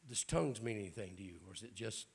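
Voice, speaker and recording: With a voice on the low side, animated and quick, a middle-aged preacher gives an informal Pentecostal sermon in church. He sounds hoarse and raspy, clears his throat often, and tosses folksy jokes to the congregation.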